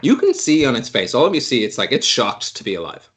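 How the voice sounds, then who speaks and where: A man's voice: mid-range voice, wildly swooping pitch, fast, fairly bright tone. A man narrating a tabletop game as game master, playful and often laughing. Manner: playful, laughing, voices creatures in short bursts.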